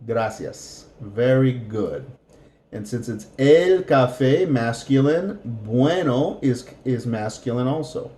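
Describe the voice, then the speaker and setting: A man gives a beginner language lesson in an unhurried, patient way, saying each word again and again for practice. His voice is mellow and mid-pitched. The room around him is echoey. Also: expressive. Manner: slow, patient, repeats words for practice. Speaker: Spanish teacher.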